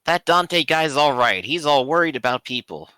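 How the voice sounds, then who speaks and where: A man narrating as game master in a tabletop game, relaxed and chatty with fillers. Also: on the high side, moderate pace, clear, resonant tone, dry recording.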